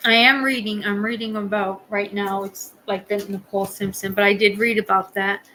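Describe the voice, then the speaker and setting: Chatty lady running a live stream, rambles and laughs a lot, average pitch, bit of faint hiss behind. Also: little pitch movement, normal speed, pushed and bright, rough recording. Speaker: livestream host. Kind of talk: casual chat with live viewers.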